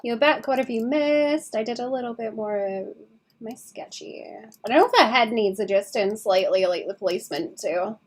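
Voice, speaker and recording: A woman's voice: fairly high pitch, normal speed. Sleepy, chatty young woman streamer. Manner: chatty, rambling, laughs often. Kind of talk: casual chat while drawing.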